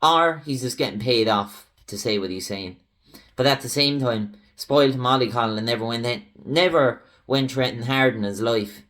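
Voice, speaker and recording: A man's voice: mid-range voice, moderate pace, a bit bright. Heated ranting Irish man. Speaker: channel host. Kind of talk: political commentary monologue.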